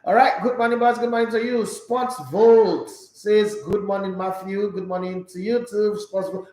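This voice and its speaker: Brief: Nigerian male sports host, high voice, playful and talkative, echoey room. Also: fairly even intonation, normal speed, hardly any pauses, a little mellow. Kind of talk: casual live-stream chat reading viewer comments.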